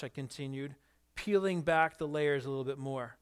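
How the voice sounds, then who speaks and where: A man preaching a sermon, telling a story in an animated way and asking his listeners questions. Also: mid-range voice, normal speed, clear, resonant tone. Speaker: pastor.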